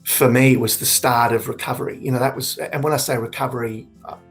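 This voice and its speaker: Man, 40s, suicide prevention speaker; earnest, reflective, slightly gravelly, mid-pitched. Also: fairly even intonation, soft background music. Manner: reflective, earnest, halting with restarts. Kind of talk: candid personal testimony.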